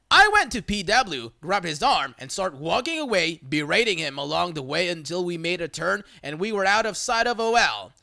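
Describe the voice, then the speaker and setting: Bright lively narrator reading reddit stories, dry close mic. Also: medium pitch, normal speed, creaky, few pauses, dry recording. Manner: lively, playful storytelling. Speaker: story narrator.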